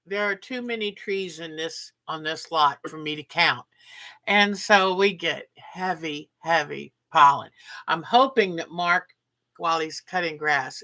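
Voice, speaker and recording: An older woman hosts a relaxed livestream, chatting at an unhurried pace. Her voice is slightly low yet bright and forward, and she reads viewer comments aloud with easy enthusiasm. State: sleepy, yawning. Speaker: livestream host. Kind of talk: casual livestream chat.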